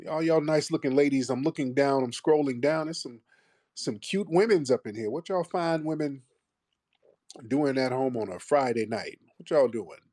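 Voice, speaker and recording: A man's voice: mid-range voice, darkish tone, no echo, clean studio sound. A man hosting a live call-in show, casual and combative, mocking and insulting his callers.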